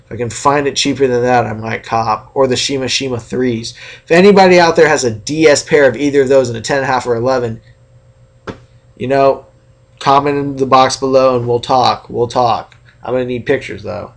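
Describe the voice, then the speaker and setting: Gravelly young man ranting about sneakers. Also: medium pitch, brisk. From California. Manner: chatty and animated, acts out other people's reactions. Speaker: sneaker vlogger. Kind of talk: casual vlog rant.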